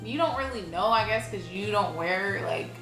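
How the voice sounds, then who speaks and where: A woman's voice: medium pitch, lively intonation, moderate pace. A woman vlogging in casual chat, with a playful, teasing manner. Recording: roomy room with background music.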